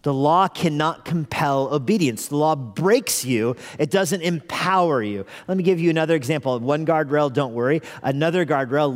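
A man preaching a conversational sermon as pastor, earnestly asking the congregation rhetorical questions and repeating phrases for emphasis. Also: fairly high pitch. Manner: repeats phrases for emphasis, chuckles now and then. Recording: long hall reverb in a church.

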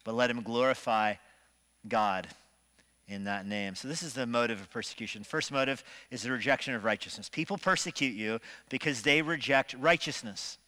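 Bright-voiced pastor preaching in a reverberant hall. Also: male voice, medium pitch, moderate pace. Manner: animated preaching with shifting loudness and rhetorical questions. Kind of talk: sermon. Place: church sanctuary. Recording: long reverb of a church hall.

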